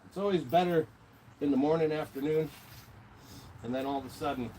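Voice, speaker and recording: A man's voice: a little high, brisk, dark tone. Tired, profane male streamer from Minnesota, rambling chat, noisy traffic behind. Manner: rambling and profane, lots of fillers and swearing. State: tired, worn out from the heat. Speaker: live-stream host. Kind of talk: casual live-stream chat while painting. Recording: noisy background with passing vehicles.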